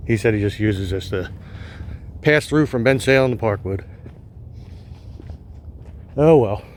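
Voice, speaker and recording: A man vlogging while he walks wooded park trails, thinking aloud in a relaxed way with frequent pauses, filmed on a phone held on a gimbal. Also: fairly low pitch. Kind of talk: casual walking narration.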